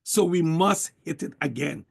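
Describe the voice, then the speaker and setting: A man delivers a motivational sales pep talk in a high, gravelly voice. He is preachy and emphatic and hammers the same points again and again. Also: lively intonation, a little slow. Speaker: network marketing speaker.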